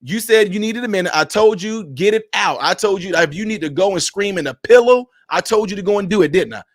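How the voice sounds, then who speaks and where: A man's voice: sits high, lively intonation, a little fast, no room sound, studio quality. A man who is a minister, streaming and talking in a preachy, emphatic, repetitive cadence. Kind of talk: preachy livestream commentary.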